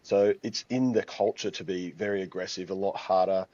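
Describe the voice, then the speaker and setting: An Australian man, a guest on a podcast, chatting about his work in a relaxed way. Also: low voice, moderate pace, dry recording. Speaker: podcast guest, sales coach. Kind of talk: casual podcast chat. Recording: dull dry sound.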